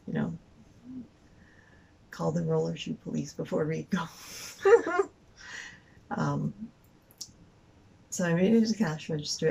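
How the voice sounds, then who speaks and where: A woman's voice: low voice, gravelly, darkish tone, a little hiss or hum, rough recording. A woman telling a story casually, rambling with lots of fillers. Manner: rambling, full of "like" and "um".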